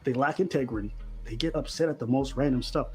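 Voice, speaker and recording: A man's voice: medium pitch, fast, darkish tone, husky, faint music behind. A man giving blunt, mocking commentary full of crude slang, reacting heatedly to a video.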